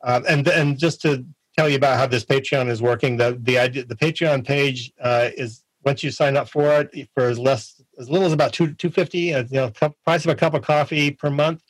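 A man's voice: mid-range voice, steady tone, no echo, rough recording. Guy guesting on a podcast, easygoing, keeps restarting sentences, dry close sound. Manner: friendly, halting with many restarts. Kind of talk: casual interview chat.

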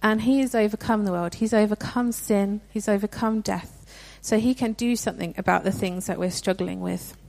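A woman's voice: medium pitch, fairly even intonation, moderate pace, gravelly, hardly any pauses, darkish tone. A young woman giving a sermon in a conversational, earnest way, with frequent restarts. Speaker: preacher.

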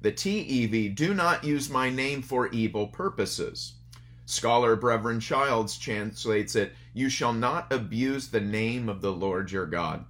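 A man's voice: mid-range voice, measured pace, fairly bright tone. A man preaching a sermon in a conversational, storytelling way at a church service streamed online. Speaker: pastor.

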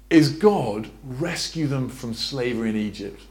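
A man preaching a sermon in a church, lively and questioning, drawing on a board as he talks. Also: mid-range voice, measured pace, hardly any pauses. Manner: lively, asks the congregation questions, draws on a board.

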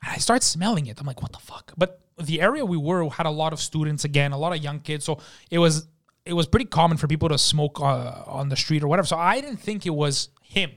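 A young man telling profane, animated stories in casual talk and acting out the people in them. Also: on the high side, a little fast. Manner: animated, profane, acts out quotes. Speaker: podcast guest. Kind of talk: casual storytelling. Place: studio.

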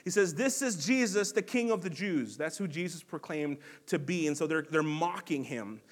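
A man's voice: a little high, expressive, moderate pace. A man preaching a sermon as pastor, earnest and conversational, with frequent fillers and restarts. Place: church sanctuary.

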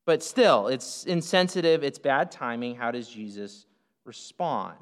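A man's voice: mid-range voice, expressive, a little slow, smooth. A man preaching a sermon from the United States in a casual, conversational way, with asides and fillers. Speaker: pastor. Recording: long hall reverb.

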